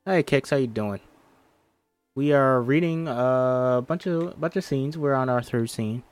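A man's voice: mid-range voice, unhurried, clean tone, faint music behind. A man reading a film script aloud for viewers, narrating stage directions and chatting casually with a lot of swearing. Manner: profane, laughing often.

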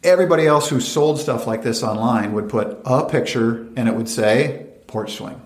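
Animated man telling a story. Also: mid-range voice, normal speed. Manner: animated, acts out quoted dialogue in lively voices. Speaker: venture capital founder, interview guest. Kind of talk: conversational storytelling interview. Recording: roomy echoey room.

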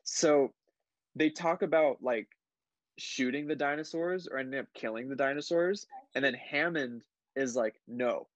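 A man's voice: a little high, normal speed, no room sound. A tipsy man rambling about a movie in casual chat, backtracking and correcting himself. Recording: dry dull lo-fi mic.

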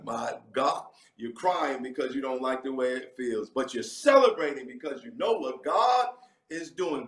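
A man's voice: mid-range voice, a bit bright. A man preaching a livestreamed sermon with fervent delivery, breaking into sudden whooping exclamations. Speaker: pastor. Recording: echoey room, mic at a distance.

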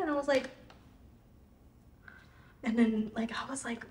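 A young woman, a singer, talking casually in an interview, full of "like" and lively quoted reactions. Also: a little high, moderate pace, pauses often. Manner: chatty, fillers of "like", animated quoting of others. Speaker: singer guest. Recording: roomy echo.

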